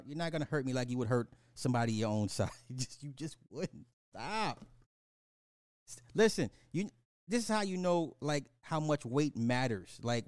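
A man's voice: fairly low pitch, a little mellow, no echo, studio quality. A man hosting a podcast, rambling in casual commentary, laughing and apologizing for going off track. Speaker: podcast host.

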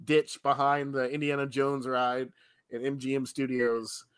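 A man co-hosting a podcast in casual chat, joking and quick to laugh. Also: mid-range voice, little pitch movement, a bit bright, smooth, no echo. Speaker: podcast co-host.

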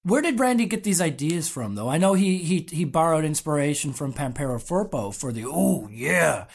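An interview host with a middle-pitched voice who asks long, eager questions. The host also reads prepared fan questions aloud in a steady way. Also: a little fast.

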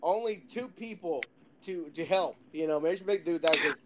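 High-voiced joking podcast co-host man. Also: moderate pace, noisy background. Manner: joking, mocking. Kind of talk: casual banter.

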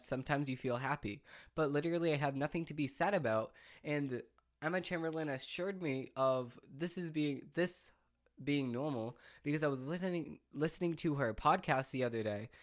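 A young man talking on his own in a rambling, self-mocking way, often laughing at himself. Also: medium pitch. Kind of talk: casual solo chat.

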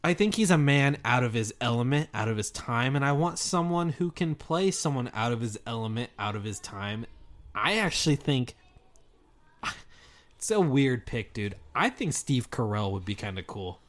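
A man's voice: mid-range voice, expressive, moderate pace. A young man co-hosting a podcast, chatting casually, rambling with frequent restarts and easy laughter. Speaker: podcast co-host. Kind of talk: casual chat.

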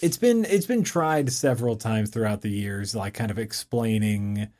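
A man co-hosting a casual chat, talking in a rambling, enthusiastic way full of fillers and restarts, and quick to laugh. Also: on the low side, a little mellow.

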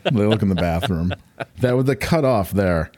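A man's voice: fairly low pitch, animated, normal speed, a little mellow. A man co-hosting a podcast in casual chat, rambling and laughing as he talks. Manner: rambling, laughing, many "like" fillers. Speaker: podcast co-host.

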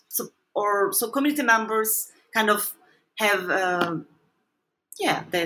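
A woman's voice: mid-range voice, bright, forceful tone, a little hiss or hum. Hesitant, thoughtful woman researcher. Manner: thoughtful, hesitant, many fillers and restarts. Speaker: author and researcher guest. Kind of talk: conversational interview answer.

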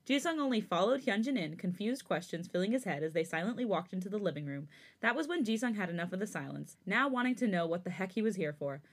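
A woman's voice: medium pitch, animated, fast talker. A woman co-hosting a podcast, reading fanfiction aloud and chatting with a friend, laughing often. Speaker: podcast co-host.

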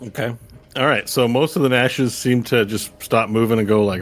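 A man serves as game master for a tabletop role-playing game, narrating casually in a mid-range, fairly bright voice at a moderate pace. Soft music plays in the background.

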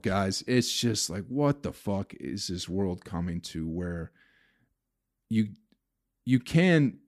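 A young man hosts his own comedy podcast, rambling alone at the mic in a profane, exasperated rant. His voice is fairly low, and the sound is clean studio audio with no room sound.

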